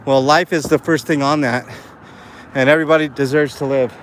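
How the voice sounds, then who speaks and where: Walking down a city street, a live streamer talks to his chat in a medium-pitched, steady, slightly bright voice, going a little fast. He rambles earnestly with lots of fillers for his vlog, with faint street and traffic noise around him.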